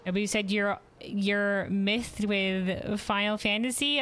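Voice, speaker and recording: A woman's voice: mid-range voice, fairly even intonation, slow, few pauses, fairly bright tone, clear, resonant tone, soft background music. A woman streaming a game, talking casually and rambling, self-deprecating and reading chat messages aloud.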